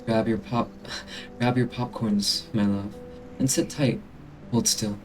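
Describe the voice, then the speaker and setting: A man doing a grandiose showman who mocks his audience in a low voice, with crude taunts and a sweeping theatrical delivery. Faint music plays beneath the amateur game voice acting. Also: fairly even intonation, slow. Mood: taunting. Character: theatrical male showman announcing a bloody spectacle.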